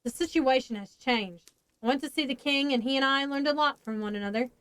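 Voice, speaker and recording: A woman's voice: high voice, fairly quick, a bit bright, clear, resonant tone, no room sound, poor audio. A woman voicing a weary, blunt grown man in a storybook reading, talking plainly.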